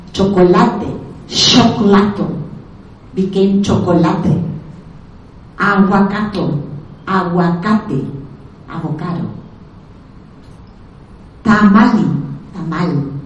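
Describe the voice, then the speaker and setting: A woman from Argentina, giving a lecture in a slow, deliberate way, carefully spelling out each word. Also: mid-range voice, darkish tone. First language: Spanish. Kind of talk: lecture on language history. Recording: echoey room, speaker far from mic.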